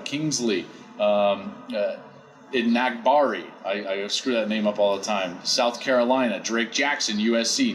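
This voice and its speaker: Low-voiced man giving analysis. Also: fairly bright tone, rough recording. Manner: measured and explanatory. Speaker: football analyst. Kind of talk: interview answers. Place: hotel poolside interview spot.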